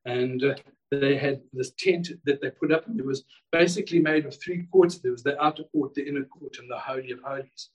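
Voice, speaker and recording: A man's voice: medium pitch, fairly quick, recorded from a distance, lo-fi sound. A male pastor preaching a sermon in a church service, fervent and exclamatory, often repeating words as he builds a point.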